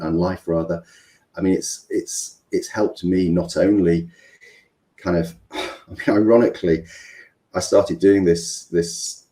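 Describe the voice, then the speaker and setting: A man's voice: low voice, mellow. A middle-aged man with a Mancunian accent, a guest in an interview, talking in a rambling, hesitant way with many ums and restarts. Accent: Mancunian English. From England. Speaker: business coach, guest. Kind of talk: interview conversation.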